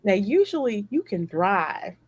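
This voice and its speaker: A woman hosting a casual podcast, reacting to videos in an animated way and laughing often. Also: a little slow, faint music behind, rough recording. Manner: animated, laughs often, high bursts when excited. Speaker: podcast host.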